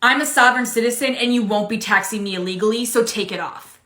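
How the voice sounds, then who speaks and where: Woman putting on a snooty bossy customer lady, bright sharp voice, echoey room. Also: a little high, fast. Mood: demanding. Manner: demanding, condescending, indignant. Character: entitled rude middle-aged woman customer. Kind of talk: comedy skit. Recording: roomy echo.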